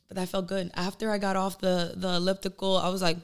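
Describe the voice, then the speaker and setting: A woman's voice: medium pitch, flat delivery, fast, clean tone. A woman guest on a podcast, telling candid, emotional stories in casual chat and acting out her own inner thoughts. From Dominican family. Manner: candid, emotional storytelling with acted-out inner quotes.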